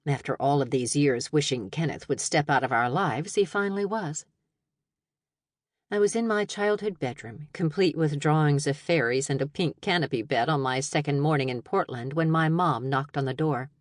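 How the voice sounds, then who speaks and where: A woman narrating a first-person audiobook in an expressive, wry storytelling manner. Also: low-pitched, no echo. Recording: dry studio narration.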